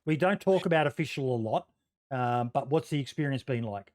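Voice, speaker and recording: A man's voice: mid-range voice, expressive, brisk, darkish tone. A male podcast host, chatty. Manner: chatty, many ums, asks guests questions. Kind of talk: casual chat.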